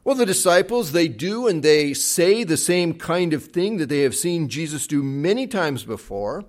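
A man preaching a sermon, retelling a Bible story with dramatic swings between loud acted quotes and soft, hushed passages. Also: fairly high pitch, very animated, normal speed. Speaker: pastor.

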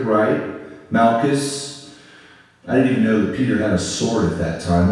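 A man preaching a sermon, telling the story in an animated way and acting out the voices of the people in it. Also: mid-range voice. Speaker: pastor. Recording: echoey hall from far off.

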